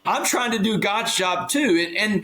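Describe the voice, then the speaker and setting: A man's voice: high-pitched, expressive, moderate pace, sharp tone, poor audio. A man as a podcast guest, earnestly telling a personal story and acting out the dialogue in it. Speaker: guest speaker. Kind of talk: storytelling interview.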